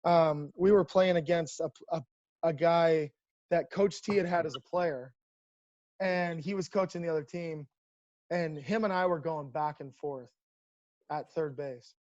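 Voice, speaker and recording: A man, a professional baseball coach, telling stories in a casual, animated way over a video call. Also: fairly high pitch, unhurried, no room sound, muffled recording. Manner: animated, lots of restarts and laughs. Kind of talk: casual storytelling.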